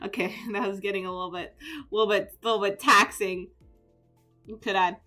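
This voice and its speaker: A woman's voice: mid-range voice, a little fast, faint music behind. A woman streamer talking casually in her normal voice while playing, a bit rambling. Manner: relaxed, slightly rambling, reads game text aloud.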